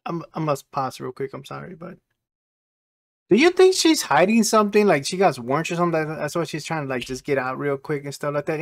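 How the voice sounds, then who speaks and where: A man's voice: a little high, lively intonation, brisk, vocal fry. A man hosting a reaction video, chatting casually and asking incredulous rhetorical questions.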